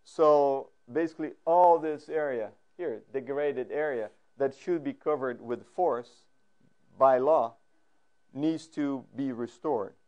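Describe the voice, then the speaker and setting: A man gives a lecture at a mid-range pitch. He talks with frequent fillers and restarts. Now and then he turns to the audience with questions. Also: slow pace, a little mellow, highs cut off. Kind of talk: academic lecture. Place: lecture room.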